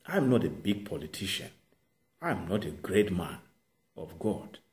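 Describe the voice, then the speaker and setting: A man's voice: low-pitched, big pitch swings, unhurried, darkish tone. A man preaching, voicing Moses as a self-doubting man who stammers and protests that he is not fit for the task. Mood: pleading. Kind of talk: sermon with acted quotes.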